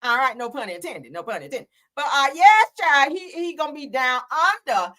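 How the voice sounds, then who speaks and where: A woman's voice: high-pitched, big pitch swings, moderate pace, sharp tone. A woman hosting a livestream, reading celebrity news aloud in a sassy, chatty way and laughing with her viewers. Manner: sassy, chatty, laughs often, talks to chat. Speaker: livestream host.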